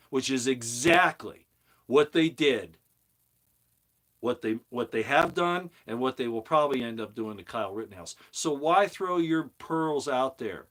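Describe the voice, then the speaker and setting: A man's voice: mid-range voice, expressive, unhurried, fairly bright tone. Heated preachy man ranting. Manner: heated, preachy, emphatic repetition. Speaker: commentary channel host. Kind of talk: opinionated monologue.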